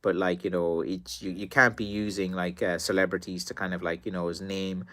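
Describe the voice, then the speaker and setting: An Irish man talks loosely through viewer questions on a live stream, circling back with fillers and restarts. His voice sits a little low yet comes across bright and forceful, though worn and tired after a long day of calls, with an occasional cough. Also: level tone, brisk. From Ireland. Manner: rambling, many fillers and restarts. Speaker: stick maker answering live chat. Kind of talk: casual live-stream chat.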